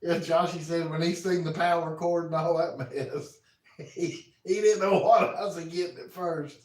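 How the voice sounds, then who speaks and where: A man's voice: fairly high pitch, fairly even intonation, normal speed. A man, casually chatting on a live stream from his home kitchen, reading out viewer comments in a folksy way. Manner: folksy, reads viewer comments aloud, talks to his dog. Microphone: phone. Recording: roomy, from a distance.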